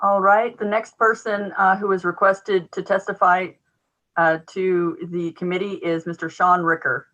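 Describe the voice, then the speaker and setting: A man's voice: high voice, flat delivery, unhurried, bright, forceful tone, highs cut off, faint music behind. A man acting as meeting clerk, announcing the next speakers in a brief, businesslike way.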